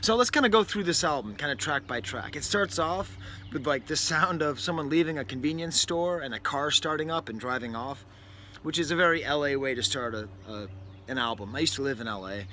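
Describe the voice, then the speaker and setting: A man's voice: fairly high pitch, expressive, brisk, pushed and bright. A man from New England hosting a casual record review, talking in a rambling, wry way with lots of self-interruptions and asides. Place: indoors near a window, with a bird outside. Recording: faint background noise.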